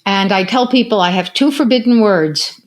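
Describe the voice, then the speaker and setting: Older woman telling lively stories. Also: mid-range voice, normal speed. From United States. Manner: animated storyteller who acts out quotes. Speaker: podcast guest, retired physical therapist. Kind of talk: casual storytelling interview.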